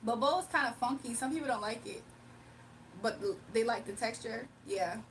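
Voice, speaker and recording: A woman's voice: a little high, moderate pace, far from the mic, a little hiss or hum. A young woman hosting a casual livestream, playful and laughing as she talks to her chat. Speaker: livestream host.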